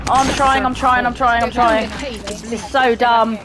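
A woman playing a shooter game with friends, excitable, swearing and laughing a lot in casual chat. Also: fairly high pitch, moderate pace. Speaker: gamer streamer. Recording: with loud game music.

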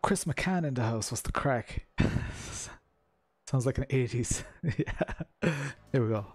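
A man's voice: mid-range voice, lively intonation, slow, darkish tone, husky. Chatty Irish man streaming sim racing. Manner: chatty, greets viewers by name, many fillers. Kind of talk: casual live-stream commentary while racing. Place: room at home.

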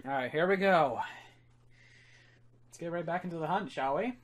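A man's voice: on the high side, normal speed. A young man casually commentating a game on a livestream, swearing freely and calling his viewers dude and guys. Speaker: streamer. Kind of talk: excited gaming livestream commentary.

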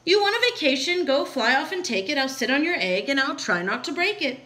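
Casting: woman playing a kind, steadfast storybook elephant, earnest and bright. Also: high voice, big pitch swings, a little fast, heavily acted. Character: gentle faithful male elephant.

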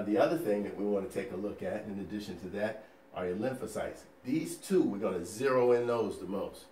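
A male nursing educator teaching a recorded lecture over slides, energetic and folksy, firing rhetorical questions at the listener. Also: lowish voice, echoey room, recorded from a distance, slight background noise. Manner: folksy and playful.

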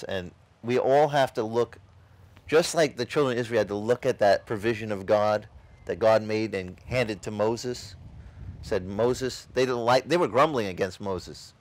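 A man pastor preaching an animated sermon with frequent restarts, voicing quoted figures, at an outdoor beach service. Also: medium pitch, no echo.

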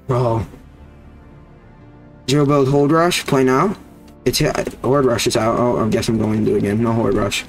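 A man's voice: mid-range voice, fairly even intonation, moderate pace, long pauses, soft background music. A young man casually commentating his gameplay, hyped and constantly saying "bro.". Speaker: gaming streamer.

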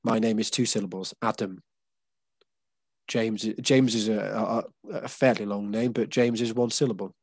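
A man's voice: on the low side, steady tone, normal speed, a little mellow, no echo. An English man leading a casual group session, explaining patiently with many fillers and restarts. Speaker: workshop leader.

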